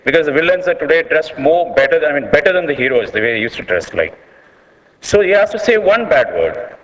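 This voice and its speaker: A man's voice: fairly high pitch, big pitch swings, a little fast, muffled recording, slight background noise. A man with an Indian English accent speaking earnestly at a panel session, repeating words, restarting sentences and leaning on "like". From South India. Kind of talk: unscripted public speech. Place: conference hall. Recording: long reverb of a large hall.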